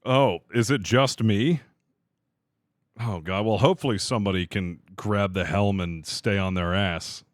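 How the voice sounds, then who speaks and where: A man streaming a game live, talking to his crew and chat, swearing freely and quick to vent his frustration. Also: on the low side, no echo, clean studio sound. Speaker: livestreamer. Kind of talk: live gaming commentary.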